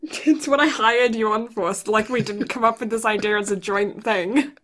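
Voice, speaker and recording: A woman co-hosting a podcast in casual chat, playful and quick to slip into voices and sing snippets. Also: on the high side, fairly even intonation, fairly bright tone. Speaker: podcast co-host.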